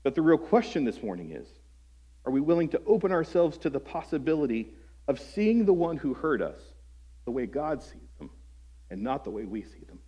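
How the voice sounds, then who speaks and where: A man's voice: fairly high pitch, big pitch swings, normal speed, dark tone, husky. A man preaching a sermon as pastor, earnest and conversational, asking his listeners questions. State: voice breaking with emotion at times.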